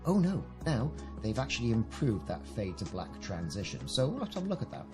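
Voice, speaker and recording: A man's voice: mid-range voice, sing-song, fairly quick, over music. A British man giving casual commentary on a game update, reading out patch notes and adding chatty, enthusiastic asides. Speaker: gaming video creator.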